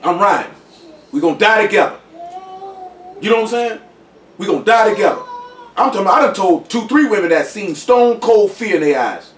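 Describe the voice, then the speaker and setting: A man speaks emphatically in a casual group discussion and keeps checking that his listeners follow him. His voice sits high. He is recorded from some way off in a room with plenty of echo. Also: expressive, brisk, pauses often, a bit bright, slight background noise. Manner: emphatic, repeats "you know what I'm saying". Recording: echoey room, voice from a distance.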